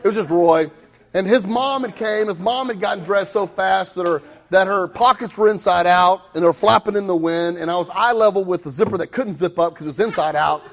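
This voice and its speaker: A young man telling his own recovery story to a meeting, animated, with quick asides and self-mocking humor. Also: sits high. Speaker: recovery speaker.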